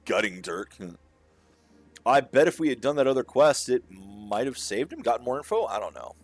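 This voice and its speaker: A man's voice: medium pitch, big pitch swings. Man reading out game dialogue. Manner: does quick voices for each character, swears. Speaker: let's play gamer. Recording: faint game music behind.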